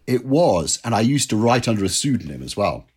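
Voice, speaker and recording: A man from England, a writer being interviewed, telling stories in an animated, self-deprecating way with lots of "you know". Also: fairly low pitch, fairly quick, breathy edge. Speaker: guest, drinks writer. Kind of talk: conversational interview answers.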